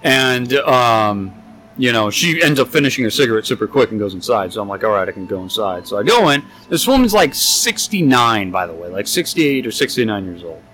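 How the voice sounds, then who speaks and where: A man's voice: medium pitch, sing-song, fairly quick, fairly bright tone. Tipsy young man telling a story. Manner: rambling, profane, exasperated storyteller. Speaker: podcast co-host. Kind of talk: casual storytelling chat.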